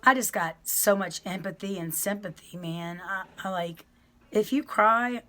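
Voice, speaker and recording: Slow, rambling middle-aged woman vlogger. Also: medium pitch, sharp tone. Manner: rambling, apologetic, chatty, with many fillers and restarts. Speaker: vlogger sharing her prison experience. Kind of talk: casual storytelling to viewers.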